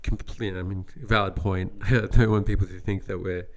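A man's voice: sits low, steady tone, fairly quick. A young Australian man from Western Sydney, co-hosting a casual podcast chat, blunt and opinionated. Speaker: podcast co-host.

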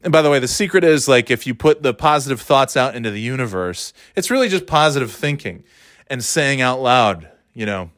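A man's voice: medium pitch, expressive, brisk, a bit bright, no room sound, clean studio sound. A man hosting a solo podcast, rambling in a sarcastic, profane way while talking into his phone as he walks. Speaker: podcast host. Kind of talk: casual solo podcast monologue. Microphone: phone held while walking.

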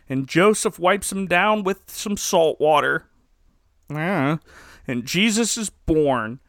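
A man's voice: high-pitched, gravelly, bright, forceful tone, no echo, clean studio sound. A man hosting a podcast, giving a wry, joking recap with chuckles in a casual comedic style. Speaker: podcast host.

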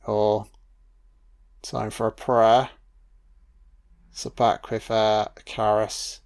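A man's voice: lowish voice, flat delivery, very slow, a little mellow. A man giving a casual film commentary, musing aloud with plenty of swearing and fillers.

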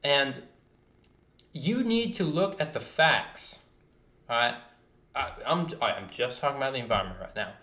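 A man's voice: medium pitch, expressive, normal speed, pauses often, sharp tone. A man co-hosting a casual podcast, talking in a passionate, emphatic, ranting way. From United States. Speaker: podcast co-host. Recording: roomy echo.

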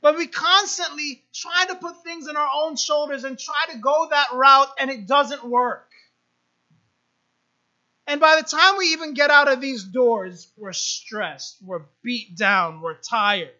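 Her voice high and bright, a woman minister takes her time through a sermon built on repetition and rising emphasis. Now and then she addresses the congregation in quick asides, all captured in a muffled, low-fidelity recording.

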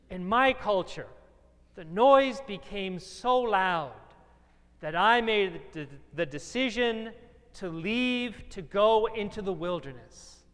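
A pastor preaching a first-person dramatic sermon, speaking in measured, emphatic phrases full of repetition. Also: male voice, high-pitched, fairly bright tone, clear, resonant tone, big-room sound.

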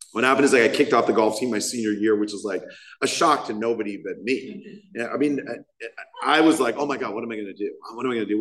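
A man's voice: medium pitch, a bit bright, rough recording. A man speaking at a recovery meeting, telling a rambling, self-mocking personal story to a group. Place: meeting hall.

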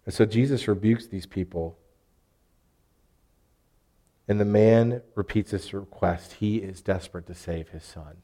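A man's voice: lowish voice, moderate pace, warm tone. A man in his thirties from Arkansas with a Southern US accent, preaching a sermon in an earnest, conversational way with rising emphasis. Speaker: pastor.

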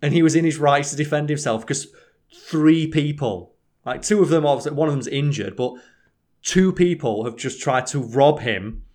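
A man's voice: a little high, moderate pace, darkish tone. A man in casual chat, swearing often and acting out quotes.

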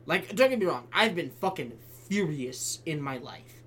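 A podcast co-host ranting in casual chat, swearing heavily and getting animated. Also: mid-range voice, moderate pace, a little hiss or hum.

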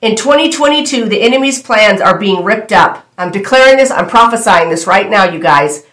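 A woman's voice: medium pitch, lively intonation, moderate pace, a bit bright. Fervent woman preaching in an echoey room. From United States. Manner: fervent, repetitive declarations, talks straight to viewers. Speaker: prophetic minister. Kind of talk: delivering a prophetic word to camera.

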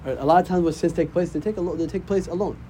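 Fast-talking man teaching a religious class. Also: high voice, warm tone, a little hiss or hum. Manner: conversational, often asks "right?". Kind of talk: casual religious lesson.

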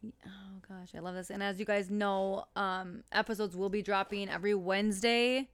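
Mom in her 30s chatting on a podcast, smooth clear voice, dry close sound. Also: mid-range voice, flat delivery, moderate pace, no room sound. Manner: chatty, storytelling, laughs readily. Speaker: podcast co-host. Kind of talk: casual chat.

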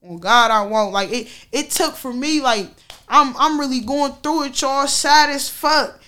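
Her voice sits high with a sharp tone, and she speaks a little slowly. This vlogger shares a personal story with viewers in a frank, slangy, profane way, frequently breaking into laughter.

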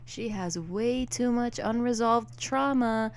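A woman's voice: a little high, slow. A young woman co-hosting a casual podcast chat, opinionated and full of fillers. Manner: chatty, opinionated, filler-heavy. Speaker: podcast co-host.

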